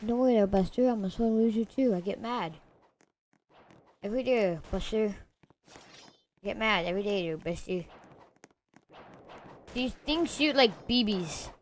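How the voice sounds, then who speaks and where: A female gamer giving excitable live commentary over her gameplay, yelling insults at opponents. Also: medium pitch, normal speed, pauses often, a little hiss or hum.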